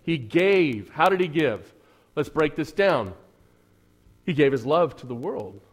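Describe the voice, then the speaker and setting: A slightly high, husky voice with a sing-song, unhurried delivery belongs to a pastor giving a Sunday sermon. In church he jokes conversationally, uses dry sarcasm, and often puts rhetorical questions to the congregation.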